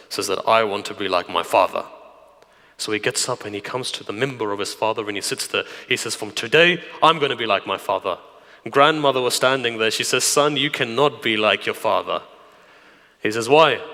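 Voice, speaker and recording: A man preaching a sermon through stories, dropping to hushed whispers and then rising to loud emphasis. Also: on the low side. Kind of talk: sermon storytelling. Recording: long hall reverb.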